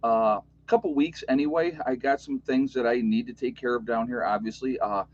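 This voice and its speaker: A man's voice: medium pitch, steady tone, fairly quick, a little mellow, lo-fi sound. Overtired man with a New York accent. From United States. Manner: rambling, chatty, joking, many fillers. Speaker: YouTube channel host. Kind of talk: casual livestream chat.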